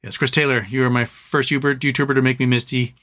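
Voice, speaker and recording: A man's voice: medium pitch, level tone, fast talker, fairly bright tone. A man hosting a casual charity livestream, reading viewer comments aloud and getting teary as he thanks them. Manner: emotional, tearful while thanking viewers; talks fondly to his pet between comments. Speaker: livestream host.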